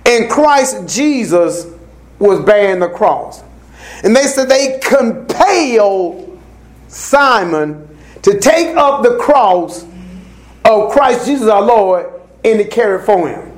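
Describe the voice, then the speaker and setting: A man with a very high voice preaches a sermon, rising from calm teaching into fervent shouted passages. His delivery swings in pitch as he presses his points, with call-and-response rhythm. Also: slow.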